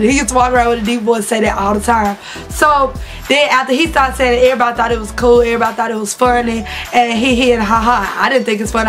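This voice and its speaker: A woman, telling candid, laughing stories to her vlog audience. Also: fairly high pitch. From Southern United States. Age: 20s. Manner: chatty, laughing, slangy and candid. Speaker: vlogger. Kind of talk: casual storytelling to camera.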